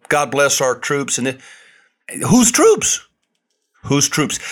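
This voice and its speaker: A man's voice: a little high, pushed and bright. A man hosting his own podcast, delivering an indignant political monologue, repeating words for emphasis. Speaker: podcast host.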